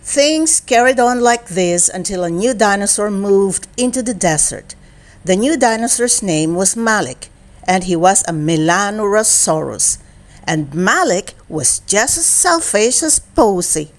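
A woman reading a children's picture book aloud in an expressive storytelling manner. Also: mid-range voice. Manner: slow, expressive and animated reading. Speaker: storybook reader.

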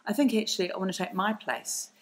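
A woman's voice: medium pitch, fairly even intonation, fast, poor audio. A middle-aged woman with a New Zealand accent, a documentary filmmaker speaking as a podcast guest, passionate and emphatic, often restarting her sentences. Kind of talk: podcast interview.

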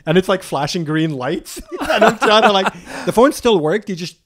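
A man telling a travel story on a podcast in a casual, animated way, swearing freely and acting out what people said. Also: sits high, normal speed. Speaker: podcast guest.

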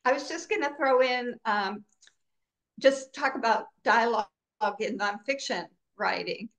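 Female editor in a coaching chat, slow and measured delivery. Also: fairly high pitch, a bit bright. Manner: measured, agreeable, adds her own points. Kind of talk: casual teaching chat.

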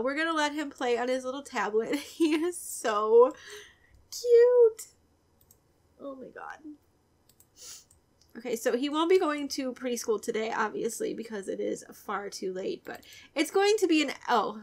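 A chatty young woman talks through her game in a casual, giggly way, her voice sitting a little high. She often sinks into a soft, breathy near-whisper. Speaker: gaming video creator. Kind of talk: casual let's-play commentary.

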